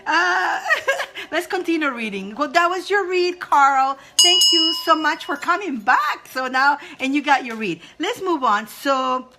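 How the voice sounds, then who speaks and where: A woman's voice: high voice, lively intonation, measured pace, few pauses. A woman hosting live spiritual readings for viewers, emotional and effusive, often laughing and speaking straight to her audience. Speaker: spiritual reader, live-stream host.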